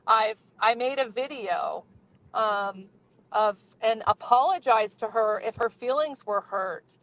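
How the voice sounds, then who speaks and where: A woman's voice: fairly high pitch, lively intonation, takes it slowly, fairly bright tone, poor audio. A woman joining a livestream from her car, answering briefly and hesitantly. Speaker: guest on a livestream. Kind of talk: casual livestream chat.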